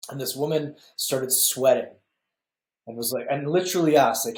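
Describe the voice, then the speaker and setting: A man's voice: mid-range voice, a little fast. A man in his fifties, a podcast guest, telling stories earnestly and speaking straight to the men listening. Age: 50s. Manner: earnest, storytelling, speaks directly to male listeners. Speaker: guest author and men's coach. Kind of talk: reflective podcast interview talk. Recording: echoey room.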